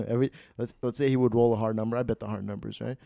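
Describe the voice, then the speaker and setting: A young man hosting a podcast, telling a story in an animated, profane, casual way with many restarts. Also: mid-range voice, fast, vocal fry, no room sound, studio quality. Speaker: host. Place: podcast studio.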